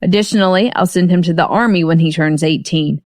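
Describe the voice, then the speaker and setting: A woman's voice: lowish voice, brisk, a little mellow, no room sound, clean studio sound, close to an everyday voice. A woman voicing a young father who lectures his son sternly. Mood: earnest. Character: young man, bossy husband and father.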